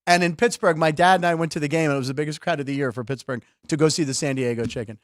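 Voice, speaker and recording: A man's voice: fairly high pitch, fairly even intonation, rapid-fire, no room sound. A middle-aged man hosting a sports podcast in a studio, joking loosely and laughing often in casual chat. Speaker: podcast host.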